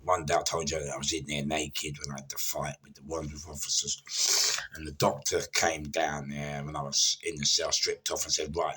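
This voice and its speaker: A deep, husky man, speaking with a forceful, bright edge. He rambles through casual stories, stumbling over repeated words between plenty of fillers. He sounds middle-aged and unpolished. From London. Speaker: former prisoner telling stories. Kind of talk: casual storytelling.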